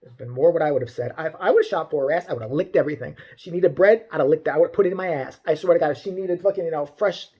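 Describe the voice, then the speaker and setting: A man's voice: a little high, rapid-fire, husky, muffled recording. A man doing a profane, exasperated comedic rant as a vlogger, talking to his camera. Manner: ranting, foul-mouthed, animated, exasperated.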